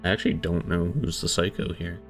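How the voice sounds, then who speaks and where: A man narrating a dark first-person story in a hushed, brooding, confessional way. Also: sits low, a little fast. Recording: soft music behind.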